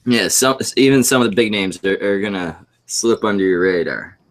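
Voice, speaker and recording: A man's voice: on the low side, animated, moderate pace. A man co-hosting a livestream, making blunt and profane remarks in casual chat.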